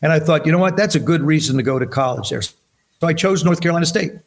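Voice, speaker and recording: Older guy in his 70s from jersey, telling stories on a podcast, voice a bit high, acts out what people said. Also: fast talker, creaky. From New Jersey. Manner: animated storyteller acting out quoted dialogue. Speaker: podcast guest. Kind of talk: casual storytelling chat.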